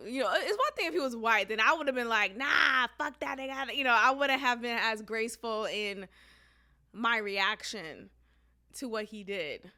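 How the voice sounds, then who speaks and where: Young woman, podcast host; bright, slightly high voice; lively storyteller who acts out the scenes. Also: normal speed. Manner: animated, laughs often, acts out quotes. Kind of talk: casual storytelling.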